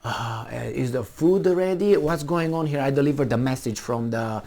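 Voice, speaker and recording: A man's voice: medium pitch, moderate pace, creaky, mellow, lightly acted. A man voicing a nervous, fussy male house servant with fretting questions.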